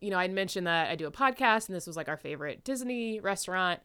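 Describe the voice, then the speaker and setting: Bubbly woman with a smooth voice. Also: on the low side, expressive, quick pace, bright, forceful tone. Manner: bubbly, upbeat storytelling. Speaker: podcast co-host. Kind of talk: casual chat.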